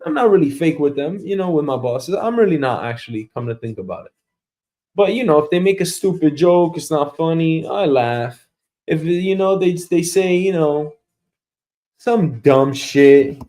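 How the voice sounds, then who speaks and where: A man's voice: a little high, lively intonation, moderate pace, mellow. A man hosting his own show, ranting profanely and animatedly about his boss and acting out office conversations. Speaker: show host. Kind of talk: comedic rant.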